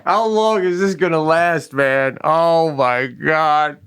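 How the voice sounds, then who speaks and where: A man's voice: on the high side, slow pace, a bit bright, smooth. A middle-aged man co-hosting a podcast, riffing in casual comic chat, incredulous and swearing. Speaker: podcast co-host.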